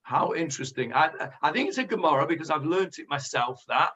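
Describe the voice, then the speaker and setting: A man, a rabbi leading a Bible study class, thinking aloud with many pauses and fillers as he answers his students. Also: fairly high pitch, lively intonation, sharp tone, a little hiss or hum. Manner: thoughtful, hesitant with many fillers. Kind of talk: teaching and discussing with students. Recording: lo-fi recording.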